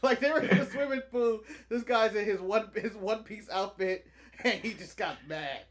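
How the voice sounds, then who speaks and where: A man's voice: sits high, moderate pace. A young man co-hosting a wrestling podcast in casual chat, joking and laughing often. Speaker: podcast co-host.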